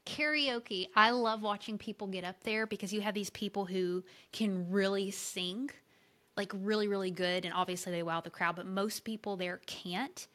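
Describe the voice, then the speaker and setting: A woman in her forties co-hosting a casual podcast chat, energetic and playful as she tells stories. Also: mid-range voice, moderate pace. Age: 40s. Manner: energetic, playful, animated storytelling. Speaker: podcast co-host.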